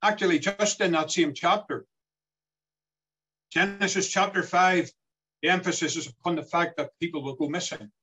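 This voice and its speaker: A man's voice: a little high, moderate pace, long pauses, sharp tone, husky, rough recording. A man preaching a sermon in an earnest way, his voice rising and falling as he quotes scripture.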